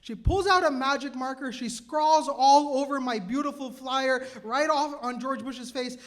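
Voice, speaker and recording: A man with a very high voice tells a personal story live on stage before an audience. He is animated and self-mocking, dropping quick asides and laughing at himself. He sounds like a man in his thirties.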